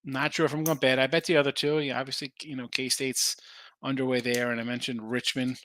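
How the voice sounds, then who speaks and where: Bright-voiced man talking betting picks. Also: medium pitch, level tone, brisk. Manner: loose, rambling, answers chat comments. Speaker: sports betting podcast host. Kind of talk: casual betting picks talk.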